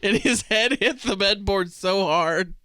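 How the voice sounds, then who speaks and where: A man's voice: high-pitched, a little slow, sharp tone, slight background noise. A man co-hosting a podcast in casual chat, laughing a lot and prodding his friend with questions. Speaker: podcast co-host.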